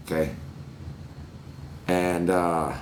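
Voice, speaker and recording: Man, low voice, crude laid-back storyteller who laughs at his own jokes, faint hiss. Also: level tone, very slow. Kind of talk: casual storytelling chat.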